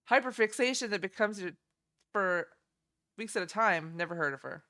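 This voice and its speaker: A woman's voice: medium pitch, pushed and bright. A young woman streaming, chatting casually and giggling as she reacts to game trailers. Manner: chatty, giggly, easily delighted.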